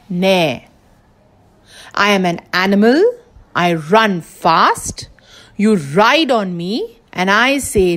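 Indian english lady teacher, reads kids riddles real slow and patient, coaxing them to guess. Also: a little high, a bit bright. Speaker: kindergarten teacher. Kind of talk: reading riddles aloud to young children.

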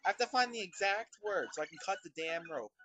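A man commentating over his own gameplay, ranting in constant profane exasperation at a slow game. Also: high voice, animated, rough recording. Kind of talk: let's play commentary. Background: video game music.

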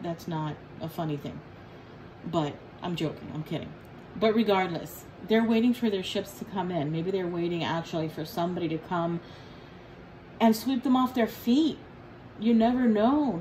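A woman's voice: medium pitch, a little hiss or hum, rough recording. Blunt, joking woman reading tarot. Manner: blunt, profane, joking and animated. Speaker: tarot reader.

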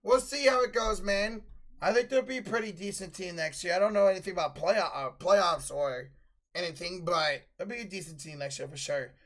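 High-voiced man calling live play-by-play. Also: normal speed. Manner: loud excited calling on big plays; casual, swears freely, answers chat. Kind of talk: live play-by-play commentary and chat.

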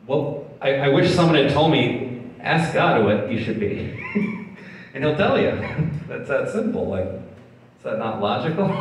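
A man's voice: mid-range voice, slight background noise. A man pastor preaching a sermon in a conversational way, with laughing asides, in a church hall. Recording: very echoey hall, distant mic.

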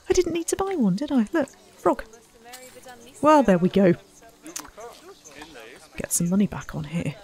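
A woman's voice: on the high side, a little mellow. A woman casually commenting while playing a zoo-building game, chatty and self-mocking, talking to the animals and visitors. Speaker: let's play host.

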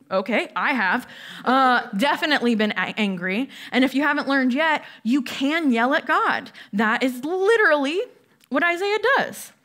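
A woman's voice: fairly high pitch, fairly bright tone. A woman pastor preaching a sermon in a conversational way, often asking the listeners questions. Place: church.

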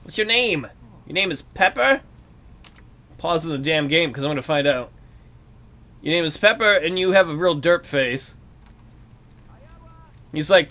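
A man hosting a let's play, giving casual, excitable commentary full of jokes and swearing. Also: high voice, measured pace, pauses often. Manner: excitable and jokey, swears freely.

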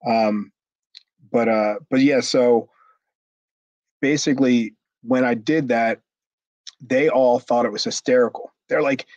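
Telling a story in a relaxed interview, a middle-aged man who used to wrestle professionally cusses freely and plays out the characters in his tale. He speaks at normal speed in a mid-range, darkish voice with fairly even intonation. The sound is dry, echo-free, slightly dull lo-fi.

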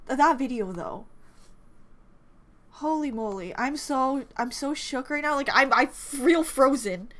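A woman's voice: sits high, measured pace, a bit bright. A young woman gushing through a reaction video, with lots of repeated exclamations and half-finished words. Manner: gushing, breaks off mid-word, repeats exclamations. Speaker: reaction vlogger. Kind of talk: excited reaction commentary. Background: faint music from the video.

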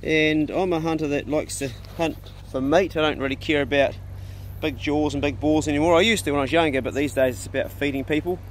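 Relaxed New Zealand farmer talking to his dogs. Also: on the high side, brisk, slight background noise. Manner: talks fondly and coaxingly to his dogs, relaxed and chatty. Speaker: farmer and pig hunter. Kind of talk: casual vlog talk while tending dogs. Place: outdoors on a rural farm by the dog kennels.

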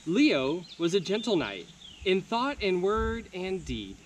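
A young man reading a picture book aloud at a virtual campfire, slow and expressive. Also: sits high, a little hiss or hum. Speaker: camp counselor.

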